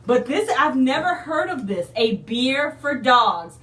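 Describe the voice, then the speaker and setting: A woman's voice: high voice, sing-song, measured pace, fairly bright tone, far from the mic. Chatty woman unboxing in an echoey room. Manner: chatty, addresses viewers as y'all. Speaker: unboxing vlogger. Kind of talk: casual unboxing chat.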